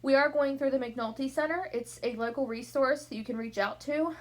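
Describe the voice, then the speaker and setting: At night in her bedroom, a young vlogger chats casually to camera, a little out of breath and rambling from topic to topic. Her voice is high-pitched and a little fast.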